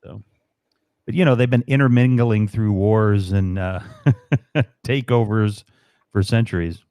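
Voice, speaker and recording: A man's voice: lowish voice, a little slow, mellow, no room sound. A man guest on a livestream, rambling and joking with lots of fillers. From United States. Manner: rambling, jokey, many fillers. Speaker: livestream guest, fellow broadcaster. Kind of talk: casual chat.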